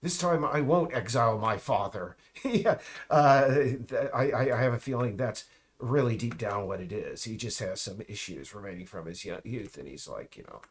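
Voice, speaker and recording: A man in a casual, rambling monologue. He talks haltingly, with many restarts, trailing asides and mocking remarks. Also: fairly low pitch.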